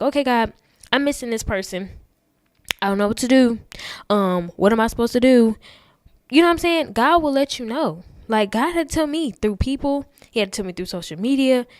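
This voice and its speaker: Earnest young woman podcast host, smooth voice. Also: medium pitch, no echo, clean studio sound. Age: young adult. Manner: chatty and earnest, addresses listeners as y'all. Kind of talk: casual talk.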